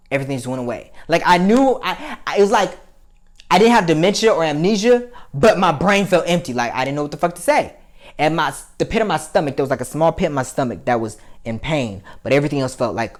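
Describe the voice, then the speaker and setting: A man's voice: medium pitch, a little fast. Young man vlogger, mid-range voice, rambling and blunt, swears freely. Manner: rambling, candid and profane, voice climbing when worked up. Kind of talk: casual emotional monologue.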